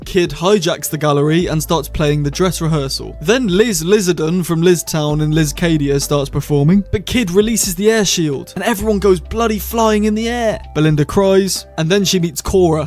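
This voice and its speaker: A man's voice: on the high side, a little mellow. Rambling man reviewing, faint music. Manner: rambling, self-correcting, apologetic asides. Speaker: YouTube reviewer. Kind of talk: casual solo review.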